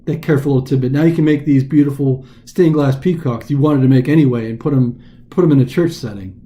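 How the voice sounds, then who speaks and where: A man's voice: medium pitch, fast, warm tone, lightly acted. A man voicing a woman friend who teases in a dry, sarcastic way.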